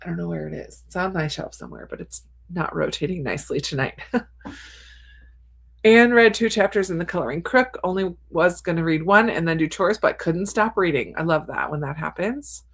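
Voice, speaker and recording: A woman with a fairly low, expressive voice, marked by vocal fry and a breathy edge, hosts a cozy book livestream from her attic. At a moderate pace she reads live chat aloud, laughing frequently in casual conversation.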